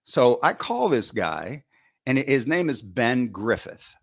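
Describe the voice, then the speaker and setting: Speaking slowly at medium pitch, a middle-aged football coach shares coaching stories in a podcast interview. His delivery is animated, with reenactments of what he was thinking back then, frequent restarts, and lots of "you know."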